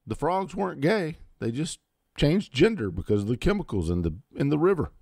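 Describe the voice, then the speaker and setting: A man's voice: on the high side, big pitch swings, fairly quick, gravelly, a little mellow, no echo, clean studio sound. A man in his fifties hosting his own channel, ranting bluntly and defiantly about politics with heavy swearing and sarcastic asides. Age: 50s. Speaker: host. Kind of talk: political rant to camera.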